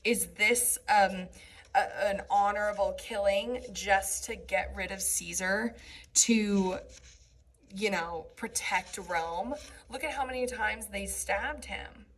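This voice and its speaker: A woman teaches a classroom lecture on a play, reading lines of verse aloud and explaining them in plain, casual asides full of "right?" and "um." Her medium-pitched voice is slow and a bit bright, captured in a low-quality recording.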